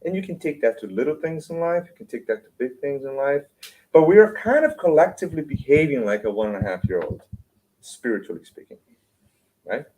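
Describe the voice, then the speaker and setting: A man's voice: mid-range voice, very animated, a little fast, mellow, poor audio. A man giving an informal spiritual lecture, talking in a loose, chatty way, tagging "right?" onto his sentences and often restarting his words. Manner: conversational, keeps asking "right?"; acts out whiny complaints to make his point. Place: lecture room.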